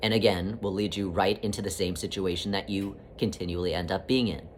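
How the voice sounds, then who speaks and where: A man giving a spiritual talk, speaking as a collective "we" in a flowing, repetitive, gently teasing way. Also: low voice, fairly even intonation, a little fast, a little hiss or hum. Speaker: spiritual teacher.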